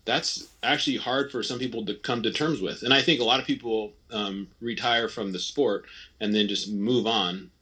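A man in his thirties speaks in a husky, somewhat low voice, giving a relaxed interview. He talks candidly and loosely, restarting sentences and acting out his own past thoughts in quick quotes. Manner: candid, rambling, frequent restarts and quoted self-talk. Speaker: interview guest, retired ski racer. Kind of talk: casual interview conversation.

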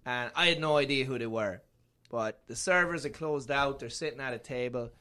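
A man's voice: mid-range voice, moderate pace, pushed and bright, smooth. A man with an Irish accent telling stories as a guest in a casual podcast chat, laughing through his punchlines. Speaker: guest storyteller.

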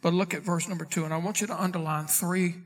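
High-voiced pastor preaching a sermon. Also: male voice, steady tone. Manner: preaching, reading scripture aloud slowly; calls out to the congregation. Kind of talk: expository Bible sermon.

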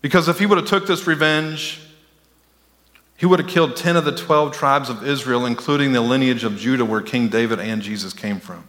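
Bright-voiced pastor preaching in a hall. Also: male voice, mid-range voice, fairly quick. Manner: conversational preaching with mocking put-on voices. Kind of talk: sermon. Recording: long hall reverb.

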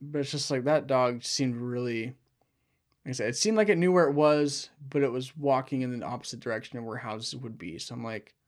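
A man's voice: medium pitch, normal speed. A young man chatting casually on a podcast, rambling and filling his talk with "like". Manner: rambling, heavy use of "like". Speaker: podcast co-host. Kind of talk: casual chat.

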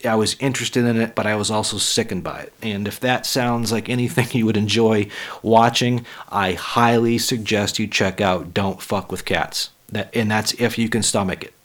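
A man hosting a solo podcast, blunt and profane, with a raspy voice as he gets over the flu. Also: lowish voice, steady tone, moderate pace. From Western Massachusetts. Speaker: podcast host and comedian. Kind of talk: casual solo podcast talk.

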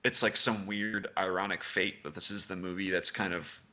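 A man's voice: sits low, moderate pace. A man co-hosting a film podcast in casual chat, laughing often between points. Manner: laughs often, animated asides. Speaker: podcast co-host.

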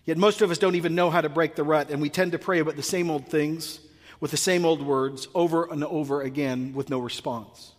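A male pastor from North America preaching a sermon, acting out comic dialogues in an animated way. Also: fairly high pitch, brisk, long reverb tail.

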